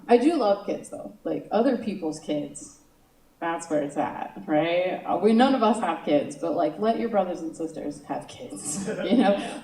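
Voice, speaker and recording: A woman's voice: fairly low pitch, warm tone. A woman doing a stand-up comedy set, chatty and self-mocking, full of "you know" asides. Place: comedy stage in a room. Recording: roomy sound from far off.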